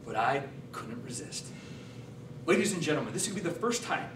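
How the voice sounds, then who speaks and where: A man giving a humorous contest speech, telling a story with deadpan punchlines. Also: high-pitched, moderate pace, slight background noise. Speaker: contest speaker. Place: hall on stage before a laughing audience. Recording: echoey hall, mic at a distance.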